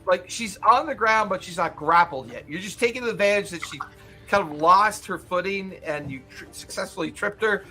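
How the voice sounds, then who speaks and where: A young man narrating a tabletop game as game master, animated and laughing, with lots of "like" fillers. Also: high-pitched, normal speed, soft background music.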